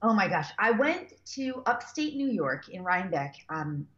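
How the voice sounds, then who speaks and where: A woman guest talking as an animal communicator, telling stories in a rambling, animated way with many fillers and restarts. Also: medium pitch, moderate pace, highs cut off. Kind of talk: casual storytelling interview.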